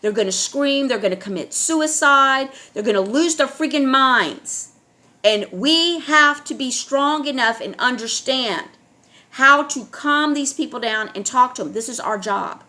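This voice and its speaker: A woman's voice: fairly high pitch, bright, forceful tone. A middle-aged woman talking straight to her viewers in a casual monologue, insistent and pressing her points with repeated checks like "all right?". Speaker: online video host.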